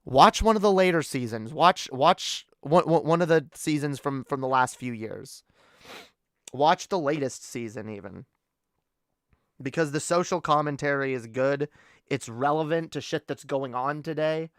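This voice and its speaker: A little slow and low-pitched, a Canadian woman streams an angry rant full of profanity, frequently tripping over herself and repeating words. The recording is dry and of studio quality.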